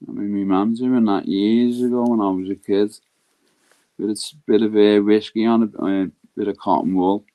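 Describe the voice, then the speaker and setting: Easygoing Scouse man giving viewer shout-outs. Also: on the low side, steady tone, moderate pace, narrow, tinny audio. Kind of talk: casual livestream chat.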